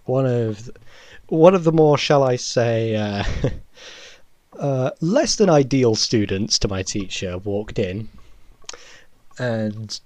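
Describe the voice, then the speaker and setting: A man's voice: medium pitch, expressive, slow pace, long pauses, a little mellow, no room sound. A young man rambles through a funny story in casual podcast chat. He trips over his words and restarts often, with chuckles breaking in. The sound is close and dry, with no room around it. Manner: rambling, laughing, self-correcting. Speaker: podcast co-host.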